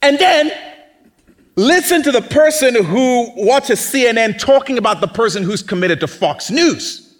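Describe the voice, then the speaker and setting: A man's voice: extremely high pitch, lively intonation, measured pace. A man preaching a sermon in a conversational, teasing way, often acting out mocking quotes.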